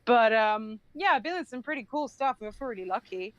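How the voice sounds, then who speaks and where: A woman's voice: on the high side, expressive, fairly quick, no room sound, dull audio. A young woman from the UK, a voice actress guesting on a podcast, chatting casually and giggling, with many "like"s and "um"s. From United Kingdom. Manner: giggly, chatty, lots of fillers. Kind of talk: casual chat.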